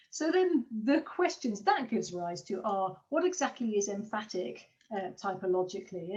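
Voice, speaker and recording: A woman's voice: mid-range voice, darkish tone. Distant muffled woman lecturing, full of fillers. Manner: hesitant, many fillers. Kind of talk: academic seminar talk. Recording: distant muffled online talk recording.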